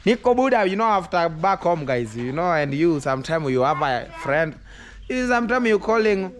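A man's voice: a little high, lively intonation, moderate pace, a bit bright. A man talking casually to camera in broken English and coaxing his young children, in a home family vlog. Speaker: vlogger.

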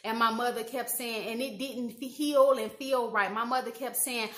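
A woman from Indiana telling personal stories in a casual monologue, animated, acting out quoted dialogue and saying "you know" and "like" often. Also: fairly high pitch, normal speed. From Indiana, USA. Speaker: YouTube commentator. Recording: roomy echo.

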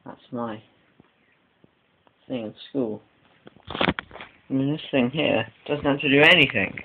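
A teenage boy rambles through a casual home vlog, complaining in a whiny, exaggerated way. His mid-range voice is slow and creaky, and the recording sounds tinny and lo-fi with a faint hiss.

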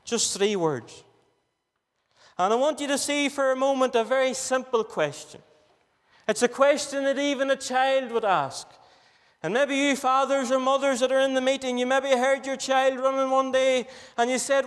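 A man's voice: very high-pitched, normal speed, fairly bright tone. A man with a Northern Irish accent preaching a fervent gospel sermon, stretching out repeated phrases. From Northern Ireland. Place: gospel hall. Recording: reverberant hall.

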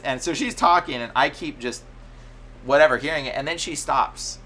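A young man tells a story in casual chat, animated and full of filler words. His voice has a bright, forceful edge. A faint hiss sits behind it. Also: medium pitch, fairly quick. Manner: animated, many "like" fillers, acts out his own quotes. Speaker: podcast co-host.

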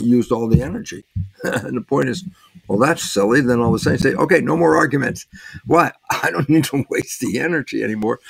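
An older man, a guest in an interview, explaining ideas in a lively storytelling way, acting out little dialogues and chuckling often. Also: medium pitch, creaky, no echo. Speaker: interview guest, biologist and author. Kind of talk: conversational explaining.

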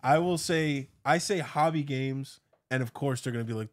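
A man's voice: mid-range voice, normal speed. A man talks through his point in a casual podcast chat, restarting sentences and laughing easily. His voice sounds dry, with no room echo. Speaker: podcast co-host.

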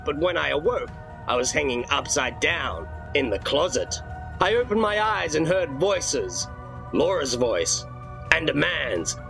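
A man's voice: on the high side, creaky, low-quality recording. A man reading a horror storybook aloud in dramatic first-person narration.

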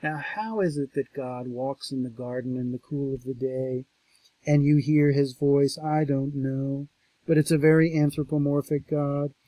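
A man lecturing on a scripture passage, reading verses aloud in a raised, slower voice and then explaining them casually, thinking aloud with restarts and asides. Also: medium pitch, steady tone, no echo. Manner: reads quoted verses louder and slower, then explains conversationally. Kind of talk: reading and commenting on a text.

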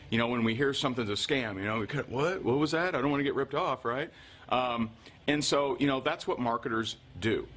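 A man's voice: medium pitch, a bit bright. A man hosting his own show, talking casually to viewers and often asking "right?". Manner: chatty, keeps asking "right?"; frequent fillers and restarts. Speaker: show host.

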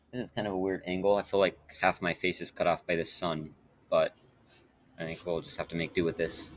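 A man's voice: low-pitched, a bit bright, slight background noise. A man chatting in a rambling casual vlog, with many fillers and restarts. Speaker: YouTuber.

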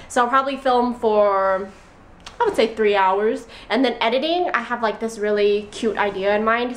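A young woman vlogging casually from her apartment bedroom into a handheld camera, chatty and rambling with frequent giggles. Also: medium pitch. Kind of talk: casual vlog chat.

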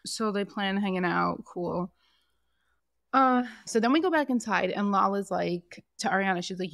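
An outspoken woman co-hosts a relaxed recap podcast. Her voice sits in a middle range and lands on a dry, close microphone with no room sound around it. She talks in a lively, opinionated way. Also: medium pitch, moderate pace, creaky, dry recording. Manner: animated, opinionated, acts out quotes from the show. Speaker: podcast co-host. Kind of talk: casual reality-TV recap chat.

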